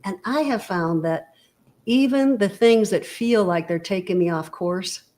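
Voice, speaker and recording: Speaking at a measured pace, this woman has a mid-range voice with a touch of mellowness. She's an interview-show guest having a relaxed motivational conversation, leaning on everyday analogies and lots of "you know" while frequently checking that the listener is following.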